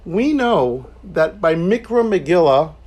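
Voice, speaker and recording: A man's voice: on the high side, very animated, takes it slowly, a little mellow, slightly rough. A man teaching an informal Talmud class, explaining points conversationally with joking asides and frequent restarts.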